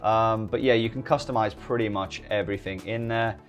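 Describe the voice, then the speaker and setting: A middle-aged British man giving a relaxed software walkthrough tutorial, full of joking, rambling asides. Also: fairly low pitch, a little fast, soft background music. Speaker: day-trading YouTuber. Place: home desk early morning.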